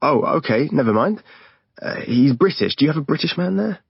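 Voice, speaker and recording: A man's voice: a little high, animated, fairly quick, vocal fry, breathy edge, dry recording, pitched above the performer's own voice, exaggerated voice. A man voicing a flustered young man who stammers through awkward phone calls. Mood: eager. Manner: hesitant, stammering, overeager. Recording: dull lo-fi recording.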